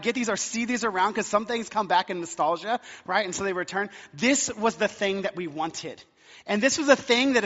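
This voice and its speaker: A man's voice: high voice, a bit bright. A man preaching a sermon in a church, telling stories in a chatty, filler-heavy way. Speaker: pastor. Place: church sanctuary. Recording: long reverb, dull lo-fi sound.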